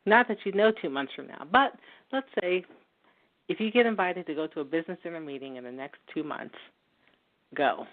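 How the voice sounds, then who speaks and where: A woman giving a psychic reading in a gentle, reassuring way, laughing easily as she talks. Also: deep voice, brisk. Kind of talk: phone-in psychic reading and chat. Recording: tinny phone line.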